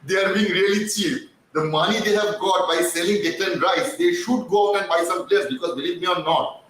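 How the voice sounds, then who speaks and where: Male host, cracked voice, rambling fan chat; high-pitched, far from mic in a very echoey room. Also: a little fast, fairly bright tone, slight background noise. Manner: rambling, repeats words, many fillers. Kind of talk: casual live football chat.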